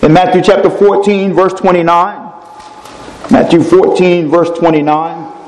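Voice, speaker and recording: High-voiced preacher man in an echoey hall. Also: level tone, measured pace, darkish tone, slight background noise. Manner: emphatic, climbing sharply in pitch on key phrases. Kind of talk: sermon. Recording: echoey hall with long reverb.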